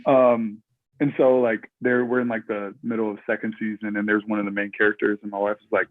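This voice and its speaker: A man's voice: on the low side, little pitch movement, fairly quick, dry recording. Guy from minnesota chatting on a thin phone-ish line, lots of ums and restarts, dry sound. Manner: rambling with many fillers and restarts. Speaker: podcast guest. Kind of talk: casual interview chat. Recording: tinny phone-like remote line.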